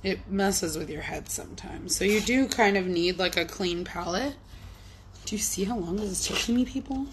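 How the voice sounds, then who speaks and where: A woman's voice: mid-range voice, normal speed, background noise. Chatty young woman talking to herself. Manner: chatty, rambling, playful, talks to herself. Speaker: artist livestreaming. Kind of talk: casual chat while working.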